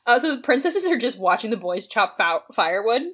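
A woman's voice: on the high side, big pitch swings, brisk, fairly bright tone. A woman co-hosting a podcast in casual, sarcastic chat. She swears freely and keeps slipping into mock voices. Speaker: podcast co-host.

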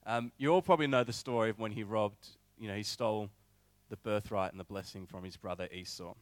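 A young man preaching a sermon, telling a personal story in an animated way with many filler words. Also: mid-range voice, no room sound.

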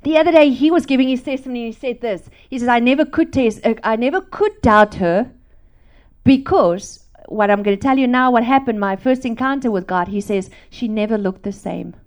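A middle-aged woman from South Africa preaching a testimony sermon, animated and laughing, swinging from loud to hushed. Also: fairly high pitch, fairly quick.

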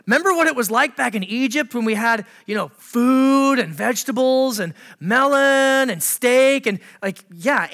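A man's voice: high voice, sharp tone. A male pastor preaching a sermon in a conversational way, asking the congregation questions and laughing at his own jokes.

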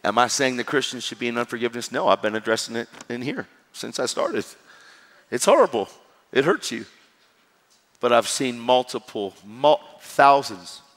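A man's voice: on the low side, fairly bright tone. A man preaching a sermon, telling stories animatedly and acting out the dialogue. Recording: hall reverb with crowd.

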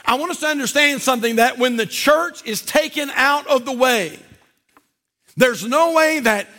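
A man preaching a sermon as pastor at a church service, emphatic and repetitive, often dropping to a low intense voice for emphasis. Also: normal speed, bright, forceful tone.

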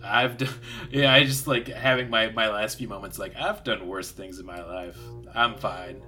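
A man's voice: fairly low pitch, steady tone, normal speed, pushed and bright. A man taking part in a tabletop game as a player, talking in a laid-back, wry way. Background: background music.

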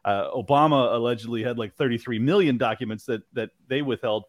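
A man's voice: medium pitch, brisk, no room sound. Laid-back man in dry casual chat. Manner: loose, animated, swears, laughs often. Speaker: podcast host.

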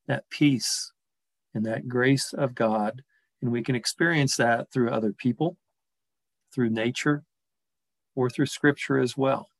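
A man preaching a sermon in a gentle, reflective way, slowing and softening his voice on key words. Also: mid-range voice, gravelly, no room sound, rough recording. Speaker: pastor.

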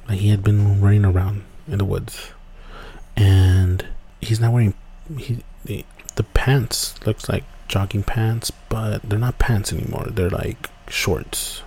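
A man with a low, gravelly, mellow voice tells a story in a loose, casual way. He rambles, restarts his sentences and fills the gaps with "you know." A faint hiss of ambience sits under the voice. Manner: rambling, many fillers and restarts. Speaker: podcast host.

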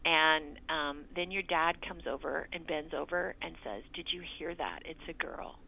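A woman's voice: low-pitched, a little slow, vocal fry, dull audio, slight background noise. A middle-aged woman, a mother, telling her grown child a personal story in an earnest way and acting out the quoted dialogue. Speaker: mother recounting a birth story.

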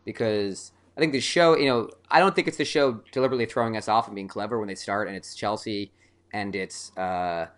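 A man's voice: fairly low pitch, brisk, fairly bright tone. A man co-hosting a casual podcast chat, rambling and joking with many fillers. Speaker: podcast co-host.

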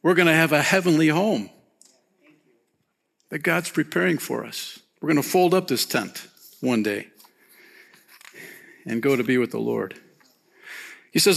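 A pastor preaching a sermon, casual and animated, peppering his talk with "man" and "you know". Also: unhurried, creaky, pauses often. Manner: animated, rises high when excited, softens and drops low near the close.

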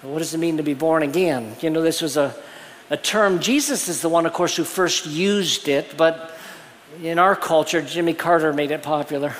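A male pastor preaches in an earnest, explaining way, backing up and restarting phrases as he works through his point. His voice sits a little high for a man. The sound carries the long reverb of a church hall. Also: moderate pace. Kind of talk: sermon. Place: church sanctuary.

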